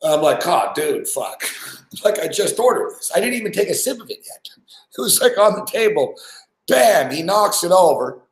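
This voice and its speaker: A young man spins a crude, rambling story, swearing constantly and padding every line with "like." His voice sits a touch high for a man. The room around him rings with a noticeable echo. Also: expressive, normal speed. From Montreal, Canada. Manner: profane, rambling anecdote full of "like" and laughter. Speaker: podcast host. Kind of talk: casual storytelling chat. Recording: echoey room.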